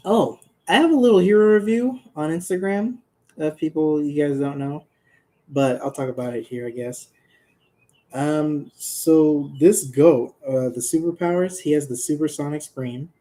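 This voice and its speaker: Man, unhurried casual chat, warm low-key voice. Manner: rambling, laughing, talks to his cat. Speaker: creator presenting his original characters. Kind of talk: casual rambling chat to viewers.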